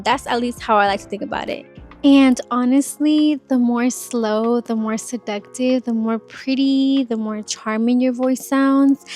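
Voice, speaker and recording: A woman in her twenties, an insurance sales agent, chatting casually and animatedly in an advice vlog. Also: fairly high pitch. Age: 20s. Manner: chatty, animated, demonstrates phone voices.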